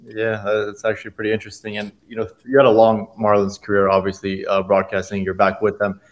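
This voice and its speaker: A man co-hosting a podcast who asks a guest quick interview questions. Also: fairly low pitch, monotone. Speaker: podcast co-host.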